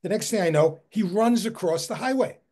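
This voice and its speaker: Husky, higher-voiced man telling a story. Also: fairly quick. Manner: animated, repeats words while telling a story. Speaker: historical society head giving a book talk. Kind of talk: anecdotal storytelling talk. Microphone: video call.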